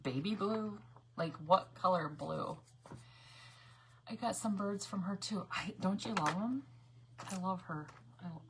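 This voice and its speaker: A woman's voice: fairly low pitch, normal speed, pauses often, background noise. A woman chatting casually with viewers as she paints on a craft livestream, reading their comments aloud.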